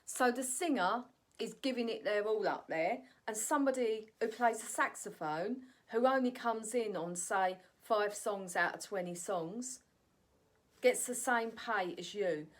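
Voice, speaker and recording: A woman's voice: mid-range voice, a little slow. A woman vlogging in a chatty, ranting monologue, often tossing in "right?" asides. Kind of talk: casual opinion monologue.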